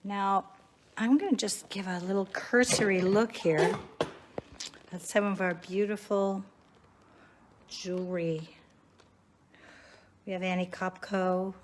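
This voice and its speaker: A woman with a mid-range voice strolls through her small shop, leisurely and chatty as she shows off the goods. She talks slowly and takes her time, pointing things out one after another. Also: medium pitch, steady tone, slight background noise. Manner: leisurely, chatty, warmly showing off items. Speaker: shop owner giving a store tour. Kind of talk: casual guided shop tour.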